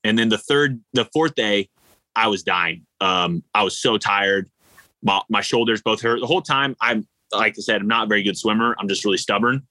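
A man, an endurance athlete, telling stories in a casual interview, animated and rambling with lots of fillers. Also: on the low side, normal speed, dry recording, poor audio. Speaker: ultra-endurance athlete guest.

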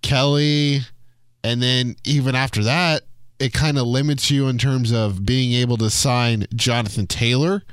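A man's voice: medium pitch, fairly even intonation, measured pace, smooth, no echo. Laid-back man co-hosting a podcast. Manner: laid-back, reads listener questions. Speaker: podcast co-host. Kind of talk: casual sports talk.

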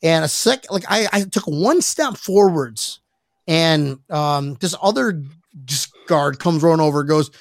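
A man's voice: a little high, animated, measured pace, dry recording, clean studio sound. A man hosting a podcast, telling a rambling story with plenty of swearing and restarts after he has been drinking. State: tipsy from drinking. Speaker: podcast host. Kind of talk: casual chat.

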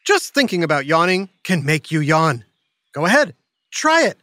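Lively playful kids' show host. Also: medium pitch, moderate pace, heavy background noise. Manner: animated, teasing quiz-style delivery with yawns and sighs. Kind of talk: playful scripted narration for children.

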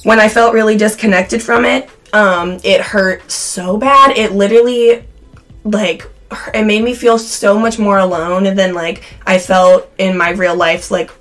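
A woman's voice: medium pitch, steady tone, measured pace, a bit bright, faint music behind. Young midwest woman cohosting a podcast, rambly and chatty, voice a bit worn out. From Cincinnati, USA. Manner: chatty, frequent "like" fillers. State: losing her voice. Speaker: podcast co-host. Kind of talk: casual podcast chat.

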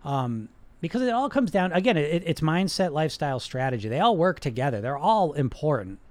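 Male host, high voice, dry close mic; blunt, profane, emphatic unscripted coaching talk. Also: big pitch swings, brisk, no echo. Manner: blunt, emphatic, profane, repeats words for stress. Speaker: weight-loss coach and podcast host. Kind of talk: unscripted coaching monologue to a live chat.

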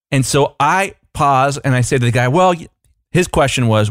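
A man co-hosting a podcast, telling a rambling, animated anecdote in casual chat, full of fillers. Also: mid-range voice, moderate pace, no room sound, studio quality. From United States. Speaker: podcast co-host.

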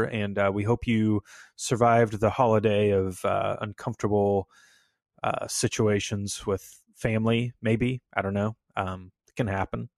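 A man hosting a casual music podcast, talking in a relaxed way with lots of fillers. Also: lowish voice, no echo. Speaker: podcast host.

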